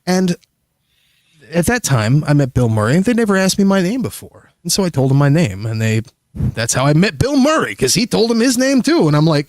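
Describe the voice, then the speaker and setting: Animated, foul-mouthed man telling a story. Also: a little high, brisk, no room sound, clean studio sound. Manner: rambling, profane, animated storyteller. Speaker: streamer guest. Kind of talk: casual storytelling on a livestream.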